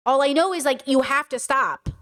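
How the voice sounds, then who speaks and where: A woman streamer with a high voice reacts to a clip in loose, emphatic commentary. She hammers her points through repetition and slips into mock voices when she quotes people. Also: normal speed, a bit bright. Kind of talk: casual commentary.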